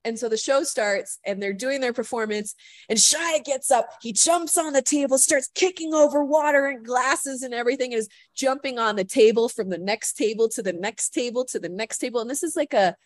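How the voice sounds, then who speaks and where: A woman guest on a podcast telling a story in casual chat, animated and full of "like" fillers, acting out what people said. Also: on the high side, a little fast, dry recording. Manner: animated storyteller, heavy "like" fillers, acts out quotes.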